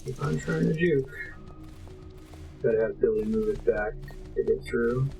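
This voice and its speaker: A man's voice: medium pitch, a little slow, gravelly, dark tone, faint music behind, rough recording. A young man streaming a game live, chatting with viewers as he plays and cursing at the game now and then. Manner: chatty, talks to chat while playing, swears at the game. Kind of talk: casual live-stream commentary. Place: home streaming setup.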